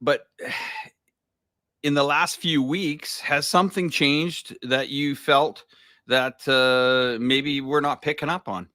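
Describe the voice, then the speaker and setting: A man hosting a livestream interview, asking halting, searching questions. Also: fairly high pitch, fairly even intonation, sharp tone, dry recording, clean studio sound. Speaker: host.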